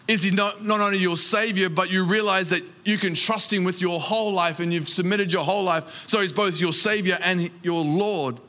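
A man preaching a sermon as pastor, reading scripture and acting out the disciples' lines, slowing down to stress key phrases. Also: high-pitched, pushed and bright. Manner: reads scripture aloud and acts out the disciples' lines; emphatic, slows down on key phrases.

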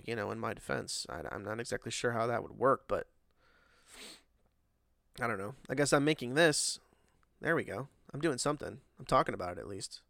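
A man talks in a loose, profane monologue, circling back with fillers as his exasperation builds. His voice has a gravelly edge and sits mid-range. The recording is close and dry, with no room sound. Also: medium pitch, fairly bright tone, no echo. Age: adult, working. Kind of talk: casual monologue rant.

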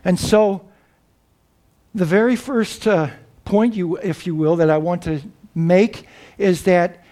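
A man preaching a sermon, earnest and reflective, pausing and restarting as he explains. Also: high voice, dark tone.

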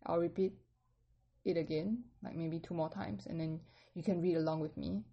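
A woman teaching a casual language lesson, patiently explaining step by step with relaxed fillers. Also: lowish voice, normal speed, creaky, slightly rough, muffled recording.

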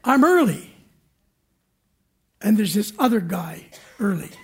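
A man with a very high voice gives a sermon in church. He tells a personal story in a chatty, self-mocking way and acts out his own panic. It is recorded for radio. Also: sing-song, slow, breathy edge. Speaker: pastor.

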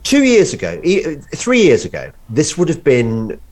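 Rambling man interviewing, lively pitch. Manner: rambling, halting, self-interrupting. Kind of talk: casual conversational interview.

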